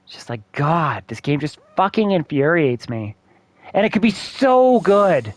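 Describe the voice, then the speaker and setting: High-voiced man ranting on a game stream. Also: very animated, measured pace. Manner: profane, exasperated ranting. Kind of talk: casual game-stream rant.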